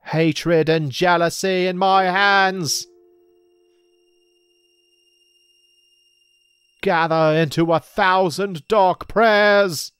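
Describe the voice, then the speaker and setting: A man doing a possessed woman's slow, solemn chant. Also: sits high, fairly even intonation, fairly bright tone, clear, resonant tone, no echo, pitched above the performer's own voice. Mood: ominous. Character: possessed young woman chanting a dark spell.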